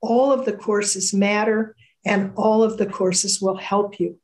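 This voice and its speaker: Woman panelist, encouraging, reassuring, video call audio, medium pitch. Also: flat delivery, takes it slowly, darkish tone. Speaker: faculty panelist. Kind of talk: closing remarks of a workshop talk.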